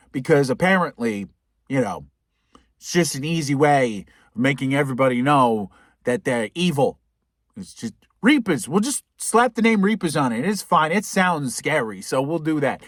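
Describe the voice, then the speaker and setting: A man hosting a podcast who gives a profane, sarcastic comedic movie recap and drops to a hushed whisper for tense moments. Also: a little high, no room sound, studio quality. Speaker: podcast host.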